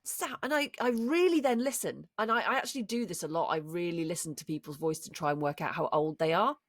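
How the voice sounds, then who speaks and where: A woman's voice: lowish voice, fast talker, dry recording. A woman co-hosting a podcast, chatting casually and thinking aloud with frequent restarts. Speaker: podcast co-host. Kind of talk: casual chat.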